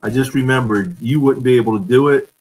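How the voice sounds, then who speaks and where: A man's voice: medium pitch, brisk, darkish tone, rough recording. A man hosting a casual live-streamed fan chat, telling stories and laughing often over a video call. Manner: chatty storyteller, laughs often. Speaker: fan show host.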